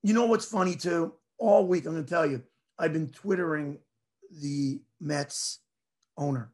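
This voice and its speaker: High-voiced animated New man. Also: a little slow. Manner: rambling, animated storytelling. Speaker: show host. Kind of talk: casual sports chat.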